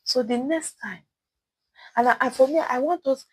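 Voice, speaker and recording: A woman's voice: high voice, normal speed, slightly rough, no echo, low-quality recording. Nigerian woman with edo accent, casual commentary, rambling with fillers, earnest, dry close sound. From Edo State, Nigeria. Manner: rambling, many fillers and self-corrections; earnest, urging the listener. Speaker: commentary host.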